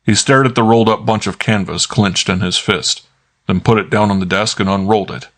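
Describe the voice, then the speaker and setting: Male audiobook narrator, low voice, dry, wry, first-person storytelling. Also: fairly even intonation, brisk, fairly bright tone.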